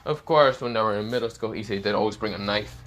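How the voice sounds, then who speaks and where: A man's voice: fairly low pitch, fast, a bit bright, a little hiss or hum. A man improvising a fan-fiction story aloud, rambling with many fillers and self-corrections.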